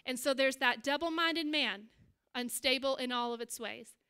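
A middle-aged woman pastor giving a sermon as an animated storytelling preacher. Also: sits high, normal speed, smooth. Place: church stage.

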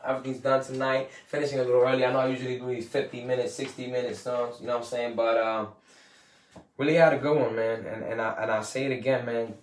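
A man hosting a podcast, giving a casual, profane motivational talk, rambling and emphatic and quoting people in put-on voices. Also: mid-range voice. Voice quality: swears freely, slangy street talk. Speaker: podcast host. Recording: roomy and distant from the mic.

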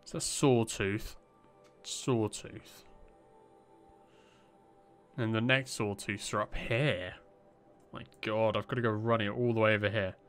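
A man's voice: fairly low pitch, steady tone, slow pace, pauses often, soft background music. A young man giving casual let's-play commentary, rambling and joking at himself with plenty of fillers. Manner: rambling, self-deprecating, lots of fillers. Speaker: gameplay commentator.

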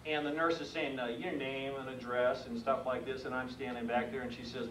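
A man's voice: mid-range voice, a little fast. A man in his sixties, a mailman, telling folksy comic stories on stage. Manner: folksy, animated, acts out the scenes. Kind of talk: stand-up comedy storytelling. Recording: echoey room heard from a distance with faint noise.

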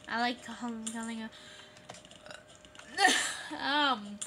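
An excitable, high-voiced woman who makes gaming videos gives casual commentary as she plays, shrieking, laughing and rapidly repeating words. Background noise is audible.

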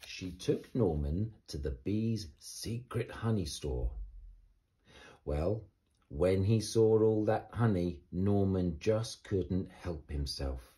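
A man reading a children's bedtime story aloud in a gentle, expressive way. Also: low voice, takes it slowly.

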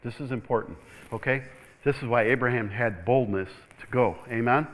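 A man's voice: mid-range voice, moderate pace, low-quality recording. A male pastor preaching a sermon in a church, calling out "Amen?" to the room, chuckling and repeating words as he builds up. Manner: animated preaching with repeated call-outs for "Amen?".

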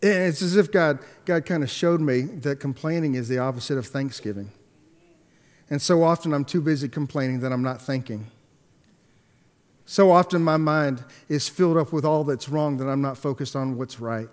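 A pastor telling a story in a sermon, swinging between hushed and emphatic delivery, with halting restarts and repeated words. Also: male voice, fairly high pitch. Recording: long echoey hall reverb.

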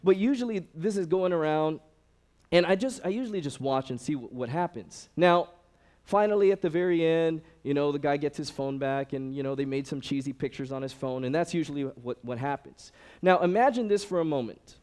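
A man's voice: on the high side, a little fast. A man giving a sermon-style talk as a ministry director, telling stories conversationally and acting out the people he quotes. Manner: animated storytelling, acts out quoted people; conversational, frequent fillers.

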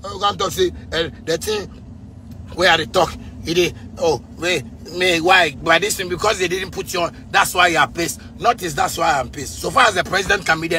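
A man in his thirties from Ghana with a Ghanaian Pidgin English accent, delivering an angry, repetitive rant with frequent shouting. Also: high-pitched, lively intonation, fairly quick, vocal fry, a little hiss or hum. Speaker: musician ranting on video.

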